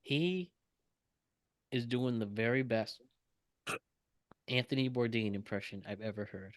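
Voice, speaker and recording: A man's voice: mid-range voice, a little slow, no echo. A man hosting a podcast, introducing clips in an upbeat, casual way. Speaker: podcast host. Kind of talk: casual chat.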